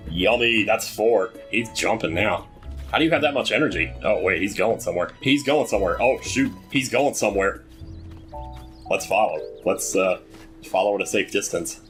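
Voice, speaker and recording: Low-voiced man chatting over gameplay. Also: animated, moderate pace, fairly bright tone, soft background music. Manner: chatty, jokey, talks to the game's characters. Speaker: gameplay commentator. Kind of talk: casual let's-play commentary.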